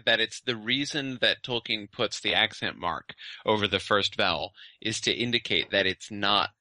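A man with a bright, ringing voice, set slightly low, explains a literary point to his co-host in a halting, professorial way. He keeps restarting phrases as he thinks aloud. The mic is close and completely dry. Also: dry recording. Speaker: podcast co-host and lecturer. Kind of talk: casual scholarly discussion.

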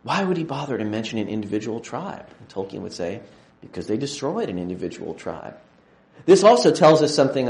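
A man's voice: on the high side, a little mellow. A man lecturing a class with enthusiasm, digressing often and restarting phrases, in a lecture room with a roomy echo. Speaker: university lecturer.

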